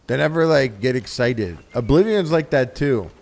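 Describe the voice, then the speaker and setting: A man's voice: mid-range voice, lively intonation, fairly quick, few pauses, darkish tone. A man livestreaming a game with casual, profane, joking commentary, often mimicking the characters.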